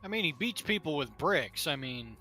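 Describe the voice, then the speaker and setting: A man's voice: fairly high pitch, sing-song, normal speed, pushed and bright, faint music behind. A man playing a tabletop game, reasoning in a matter-of-fact way. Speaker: player.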